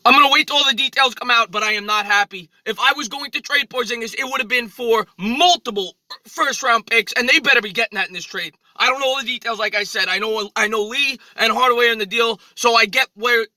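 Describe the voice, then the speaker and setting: A man's voice: very high-pitched, fast, bright, forceful tone, no echo, low-quality recording. A man in his thirties ranting off the cuff into his phone outdoors, agitated and indignant, repeating himself as a sports vlogger. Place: outdoors in a cold city street.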